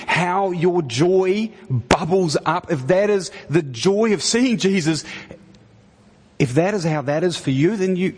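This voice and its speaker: The preacher's husky, somewhat high voice rings with a long echo around the church hall as he delivers a conversational sermon. Stumbles and restarts come often, giving way to forceful, pointed questions.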